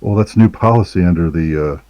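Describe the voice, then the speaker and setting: A man's voice: deep voice, brisk, mellow, dry recording. A man co-hosting a casual satirical chat, speaking in a sarcastic, mocking way and chuckling often.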